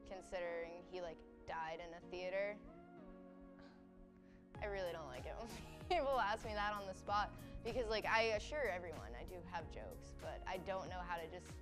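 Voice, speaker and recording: A woman in her twenties, a college student doing stand-up, chatty and self-deprecating with lots of fillers. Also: mid-range voice. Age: 20s. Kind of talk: stand-up comedy and interview.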